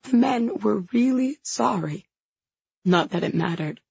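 A woman voicing a grieving young woman, hoarse and halting as she confesses through tears, in an audiobook. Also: medium pitch, animated, darkish tone, no room sound, muffled recording, heavily acted. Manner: halting, choked with grief. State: hoarse, tearful.

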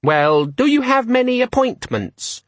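Disorganizer, a chirpy squeaky gadget demon. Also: male voice, sing-song, unhurried, no echo, exaggerated voice. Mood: eager. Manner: chirpy, hopeful, beeping. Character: eager tiny demon inside a pocket gadget.

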